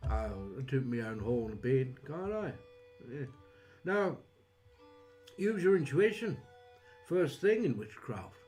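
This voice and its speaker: Chatty man with a lively voice. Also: mid-range voice. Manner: chatty, wry, self-deprecating banter. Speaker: psychic witch streamer. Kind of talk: casual livestream chat.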